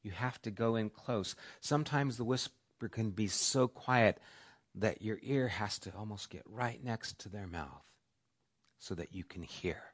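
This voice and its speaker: A middle-aged man preaching a sermon as pastor, who swings between loud, emphatic lines and soft whispers. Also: fairly low pitch, a little slow, husky. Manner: varies volume, dropping to soft whispers for emphasis.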